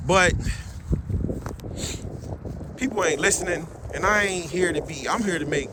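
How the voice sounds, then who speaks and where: A man's voice: high voice, unhurried. A middle-aged man, a dog breeder, giving blunt, slangy, preachy advice in an outdoor vlog rant. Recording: loud wind and boat noise.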